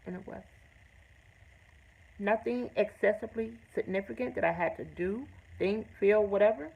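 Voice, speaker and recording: A woman's voice: medium pitch, moderate pace, gravelly, lo-fi sound, a little hiss or hum. A woman hosting her own show, telling a personal story in an earnest, emphatic way with blunt, salty language. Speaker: host. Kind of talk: personal testimony to camera.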